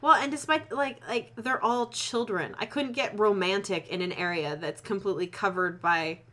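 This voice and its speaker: A woman's voice: mid-range voice, normal speed, fairly bright tone. A woman chatting casually, teasing and giggling as her friend reads. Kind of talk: casual chat.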